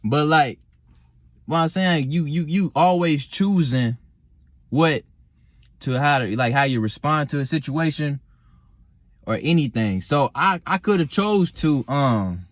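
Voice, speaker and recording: A young man vlogging to camera from his car at night, talking calmly and reflectively, rambling with many fillers and restarts and swearing freely. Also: a little high, unhurried, long pauses, dry recording, studio quality. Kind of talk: casual talk to camera.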